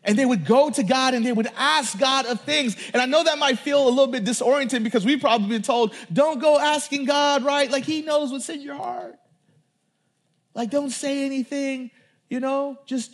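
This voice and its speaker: High-voiced man preaching with emphasis. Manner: conversational and emphatic, with frequent repeated words; addresses the congregation directly. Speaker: pastor. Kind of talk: sermon.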